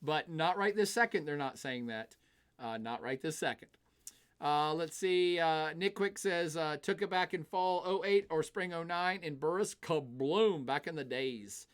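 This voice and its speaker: Animated male streamer, fairly high voice. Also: unhurried, clear, resonant tone. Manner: animated, acts out nations in quoted voices; chatty, reads viewer comments aloud. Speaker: streamer and geopolitics commentator. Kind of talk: live-streamed political commentary.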